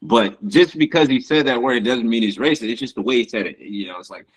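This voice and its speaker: A young man co-hosting a podcast, talking casually in slangy, animated speech. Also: medium pitch, quick pace, breathy edge, rough recording. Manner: slangy, animated, says bro a lot. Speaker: podcast co-host. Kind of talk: casual chat.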